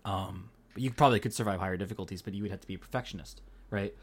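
Low-pitched and husky, this man talks rapid-fire in a Pacific Northwest American accent. He co-hosts a podcast, keeping the chat easygoing and casual, with lots of fillers and the occasional swear word.

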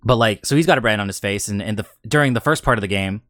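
A man co-hosting a casual gaming podcast, telling a long story in a rambling, animated way. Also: on the low side, quick pace, no room sound, clean studio sound. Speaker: podcast co-host.

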